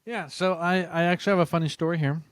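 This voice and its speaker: A man's voice: a little high, steady tone, fast, dry recording, clean studio sound. A man hosting a podcast, chatting casually and retelling a funny story with laughter. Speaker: podcast host.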